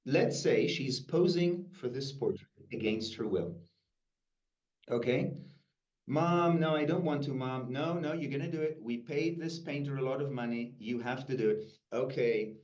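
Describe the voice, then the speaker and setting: A man teaching a workshop, calling on participants by name and asking them questions, in a room recorded from a distance. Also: mid-range voice. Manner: lively, questioning the group by name. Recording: roomy, distant, dull sound.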